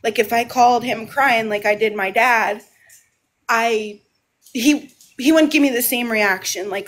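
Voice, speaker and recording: A woman's voice: a little high, a little slow, a bit bright. A woman talking on a casual livestream from home, rambling and restarting her phrases. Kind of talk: casual live monologue.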